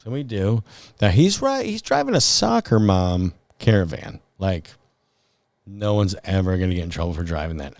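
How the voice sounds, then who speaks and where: A man's voice: sits low, big pitch swings, moderate pace, gravelly, a little mellow, no echo. A man with a Midwestern American accent telling a rambling, profane story in casual podcast chat. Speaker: podcast host.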